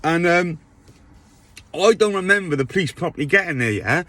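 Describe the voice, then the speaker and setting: A man's voice: fairly high pitch, expressive, normal speed, sharp tone. A man telling a rambling storytime monologue, often checking in with his listener. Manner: rambling, checks in with "right?" tags.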